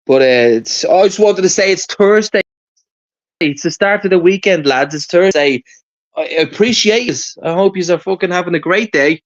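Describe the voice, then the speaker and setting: A man's voice: high-pitched, moderate pace. A man calling into a livestream, rowdy and laughing, swearing freely. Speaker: caller dropping into a livestream. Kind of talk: casual livestream chat. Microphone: internet call. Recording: muffled lo-fi call audio.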